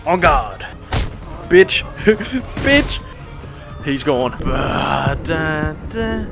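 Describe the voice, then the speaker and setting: A man's voice: on the high side, sing-song, drawn-out words, vocal fry. A young man playing a horror game, swearing and yelping with fright as he talks over it. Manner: swearing, yelping and shrieking at jump scares. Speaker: gaming YouTuber. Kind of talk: horror game playthrough commentary. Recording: game music loud behind the voice.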